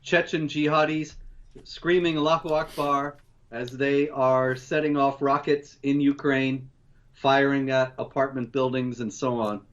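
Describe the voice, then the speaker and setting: A man co-hosting, running through news stories in a measured, steady way. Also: medium pitch, lo-fi sound. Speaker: co-host. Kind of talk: news rundown commentary.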